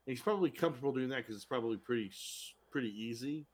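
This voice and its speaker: A man co-hosting a casual podcast chat, animated and laughing as he retells scenes. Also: mid-range voice, quick pace, slightly rough. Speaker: podcast co-host.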